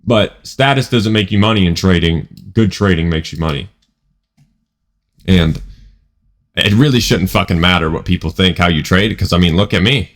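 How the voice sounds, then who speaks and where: Male trading vlogger, lowish voice, emphatic and profane, stumbles over his words. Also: lively intonation, moderate pace. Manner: emphatic, profane, repeats himself. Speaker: trading educator. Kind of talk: casual vlog monologue.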